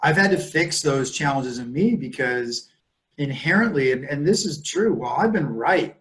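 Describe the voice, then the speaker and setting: A man's voice: lively intonation, normal speed, fairly bright tone. A man in his fifties, a guest in casual conversation, speaking candidly and reflectively. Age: 50s. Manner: candid, reflective, mid-pitched.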